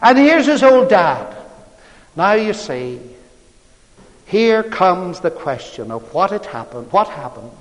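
High-voiced man preaching in an echoing hall. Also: sing-song, slow, dull audio. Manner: chatty, rhetorical tag questions. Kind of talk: storytelling sermon. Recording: long hall reverb.

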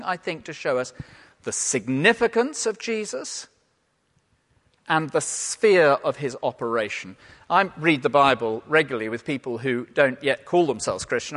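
A man preaching a sermon in an animated, emphatic way, swinging between loud and hushed. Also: mid-range voice. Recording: long hall reverb.

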